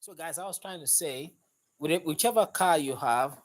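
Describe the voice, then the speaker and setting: A man's voice: on the high side, normal speed. A man with a slightly raised voice hosts a casual live stream about cars. He sounds upbeat and chatty as he welcomes viewers by name, talking into a phone he holds in one hand. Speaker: mechanic hosting a live stream. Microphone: phone held in hand.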